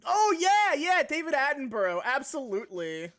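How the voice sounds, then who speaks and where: A woman's voice: on the high side, very animated, unhurried, a bit bright, faint music behind. A woman streamer chatting casually and animatedly, swearing and laughing often. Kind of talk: casual live-stream chat.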